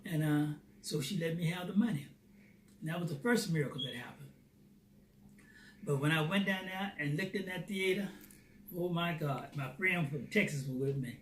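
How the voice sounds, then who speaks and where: Guy sharing a church testimony, kinda high voice, animated, echoey room and mic far off. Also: moderate pace. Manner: lively storyteller who acts out dialogue. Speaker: Christian theater founder. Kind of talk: personal testimony storytelling. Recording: roomy, distant mic, faint noise.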